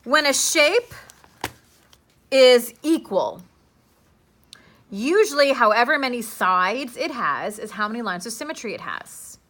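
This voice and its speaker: A young woman teaching a class, her voice bright and a little high. She is playful and chatty and keeps quizzing her students. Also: very animated, a little slow, long pauses. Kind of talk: live classroom lesson.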